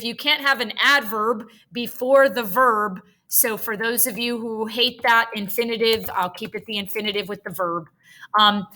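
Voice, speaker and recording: A woman's voice: on the high side, bright, forceful tone. A woman tutoring writing, thinking aloud as she drafts a paragraph, chatty and self-correcting with nerdy asides.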